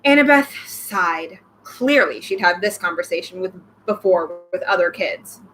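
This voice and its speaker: A young woman reading a novel aloud, breaking off with excited comments about the myths. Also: on the low side, unhurried, faint music behind, low-quality recording. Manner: excited outbursts between read passages. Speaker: reader, channel host.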